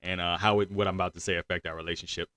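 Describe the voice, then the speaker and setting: A man's voice: sits low, little pitch movement, racing, pushed and bright, dry recording. A man hosting a casual discussion show, talking in a laid-back way with lots of "like" fillers. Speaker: podcast host.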